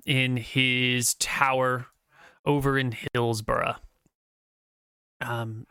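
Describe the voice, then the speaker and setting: Bright-voiced male game master. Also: medium pitch, no room sound. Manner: loose, rambling with fillers. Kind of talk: narrating a tabletop game.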